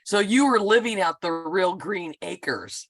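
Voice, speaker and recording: A woman's voice: on the low side, lively intonation, a little slow, slightly rough, no echo, clean studio sound. A woman hosting a podcast, reacting to her guest with short, affirming replies. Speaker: podcast host. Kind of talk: interview chat.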